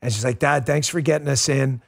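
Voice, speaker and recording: A middle-aged man hosting a political talk show, speaking in an animated, emotional, exclamatory way. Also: medium pitch, fairly quick, gravelly, husky. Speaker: podcast host.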